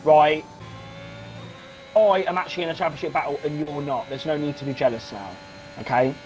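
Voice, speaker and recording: An excitable man calls a live sim race in a fairly high voice, repeating himself and swearing when things go wrong. Faint music sits behind him. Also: fairly quick. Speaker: sim racing commentator. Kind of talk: live esports race commentary.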